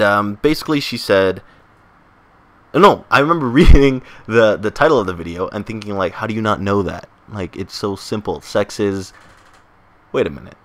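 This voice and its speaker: Young male vlogger, bright lowish voice, joking and self-mocking, loose rambling delivery. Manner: joking, self-mocking, many fillers and restarts. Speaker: gaming vlogger. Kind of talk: casual rambling monologue to viewers.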